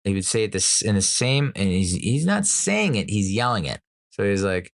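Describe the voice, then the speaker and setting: A man in his thirties hosts a podcast in a low, easygoing voice. He rambles through his stories, swears casually and laughs often. The recording is dry and close-miked. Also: expressive, normal speed, no echo. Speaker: podcast host. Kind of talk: casual storytelling chat.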